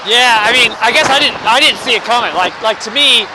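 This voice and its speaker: A man casually retelling an argument outdoors, animated, quoting both sides with many restarts. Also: very high-pitched, brisk. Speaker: pro-life sign holder. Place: outdoors by a busy street. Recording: outdoor street noise. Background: traffic noise.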